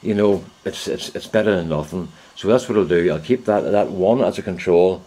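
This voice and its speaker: A middle-aged man telling stories in a loose, rambling, chatty way, his voice sitting a little low. He talks to a handheld camera he holds himself while standing outdoors in his garden. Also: moderate pace, warm tone. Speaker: gardening vlogger. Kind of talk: casual anecdotal vlog. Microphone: handheld camera he films himself with.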